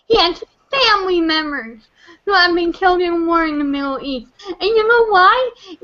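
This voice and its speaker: A young woman with a very high, bright voice, drunk and tearful, stammers through a slow, swearing rant. Her words keep catching and repeating as she talks into an online voice chat. The sound is dull and lo-fi. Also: expressive. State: tearful, on the edge of crying. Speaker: caller in an online chat room. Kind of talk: emotional rant.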